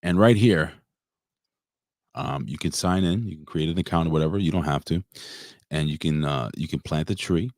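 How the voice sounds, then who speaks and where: Male co-host, very low voice, dry close sound, halting and emotional. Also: darkish tone, dry recording. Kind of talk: casual livestream chat.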